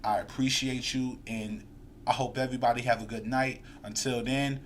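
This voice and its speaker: A man's voice: mid-range voice, steady tone, moderate pace, a little hiss or hum. A man hosting a live sports fan stream, ranting heatedly and reading viewer comments aloud. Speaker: podcast host.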